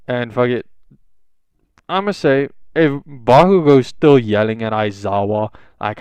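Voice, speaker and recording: A man's voice: lowish voice, moderate pace, smooth, no room sound. A young man casually improvising a fan fiction story, rambling with lots of swearing and fillers.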